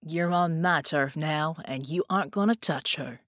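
A woman voicing a tough, cocky male ghost in an audiobook, taunting with a slow streetwise drawl. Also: low voice, a bit bright, no echo, studio quality.

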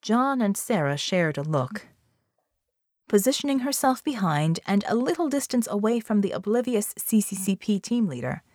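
A woman narrates an adventure audiobook in a steady, even storytelling manner, reading from a script. Her voice is medium in pitch, and the recording is dry and of studio quality.

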